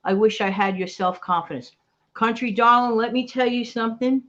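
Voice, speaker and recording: This livestream host, a middle-aged woman from New York City with the accent to match, encourages her audience in a casual live chat. Her voice is a little high and fairly bright at normal speed, in a muffled recording.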